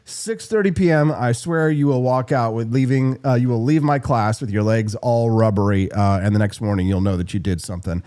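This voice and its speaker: A man hosting a live political talk show, brash and quick, reacting to chat and plugging sponsors. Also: mid-range voice, a little mellow. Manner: brash, fast-talking, reads live chat. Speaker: host.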